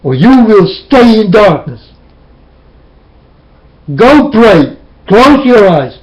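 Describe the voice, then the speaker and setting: Brief: high-pitched man, slow and intense, preaching warnings at a webcam. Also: big pitch swings, rough recording. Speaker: self-styled preacher. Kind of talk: webcam sermon.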